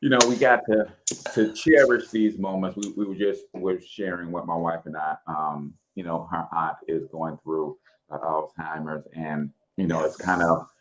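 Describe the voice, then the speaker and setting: A man's voice: low voice, steady tone, moderate pace, slight background noise. A man from St. Louis with a local accent, talking in a casual podcast, reflective and hesitant, with many fillers and restarts.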